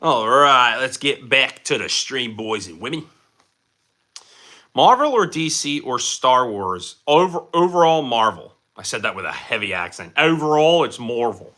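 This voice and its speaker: Speaking unhurriedly in a sharp tone, this young livestream host has a medium-pitched, very animated voice. He reads out viewer comments and rambles casually, full of fillers and false starts, in a bright indoor room.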